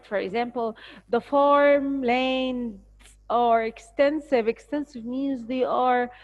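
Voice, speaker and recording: An Egyptian-accented woman teaching English vocabulary, explaining words patiently and spelling them out letter by letter. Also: fairly high pitch. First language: Arabic. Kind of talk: recorded spelling lesson. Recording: dull lo-fi recording.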